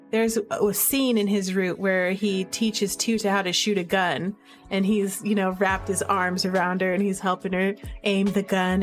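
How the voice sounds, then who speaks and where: A woman talks through her game picks in a loose, chatty way, full of fillers and little laughs. Her voice sits at an ordinary middle pitch. Soft music plays quietly underneath. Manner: gushing, giggly, chatty with many fillers. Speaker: video creator reviewing games. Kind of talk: enthusiastic casual commentary.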